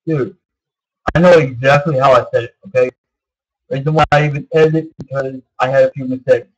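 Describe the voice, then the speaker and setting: Rambling husky man in his thirties. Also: medium pitch, dull audio. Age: 30s. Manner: meandering, repeats himself, many fillers. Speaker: vlogger. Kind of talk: rambling casual monologue.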